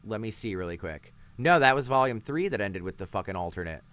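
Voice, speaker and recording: A man's voice: lowish voice, lively intonation, brisk, fairly bright tone. A man streaming from outdoors on a porch, giving profane, blunt and sarcastic commentary on videos he is watching. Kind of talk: casual live-stream commentary.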